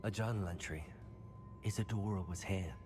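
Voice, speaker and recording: An actor playing a curious young male wizard student in a video game, making dry, understated remarks over loud game music. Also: low-pitched, normal speed, long reverb tail, lightly acted. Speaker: player character.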